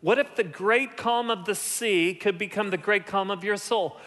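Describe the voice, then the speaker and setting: A man delivering a sermon in an animated way, easing down into quiet, low lines when he wants a point to land. His voice sits a touch high for a man, and a long reverb trails after his words, as if from a large sanctuary. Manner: animated preaching, drops to soft low tones for emphasis. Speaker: pastor.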